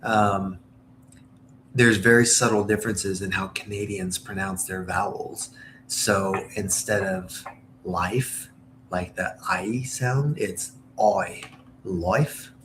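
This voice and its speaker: Chatty guy from southern indiana, rambly stream talk, lowish voice, faint hiss behind. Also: fairly even intonation, slow, fairly bright tone. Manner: rambling, chatty, jumps between topics. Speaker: livestream host. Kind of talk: casual chat while baking on stream.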